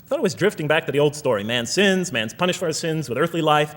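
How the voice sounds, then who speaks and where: Animated American man lecturing in a hall. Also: on the high side, fast. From United States. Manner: thinking aloud, rephrasing, rereading quoted verses. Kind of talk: reflective lecture reading and explaining scripture. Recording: long hall reverb.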